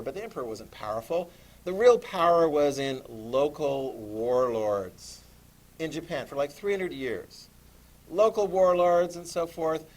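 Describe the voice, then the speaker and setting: A middle-aged man teaching a history lesson to a class, animated, asking questions and acting out voices. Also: on the high side. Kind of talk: classroom lecture.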